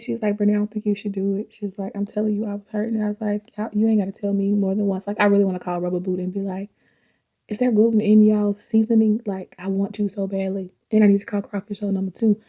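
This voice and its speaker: A woman's voice: medium pitch, dark tone. A woman chatting casually and reflectively as a vlogger while driving, laughing often. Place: in a car.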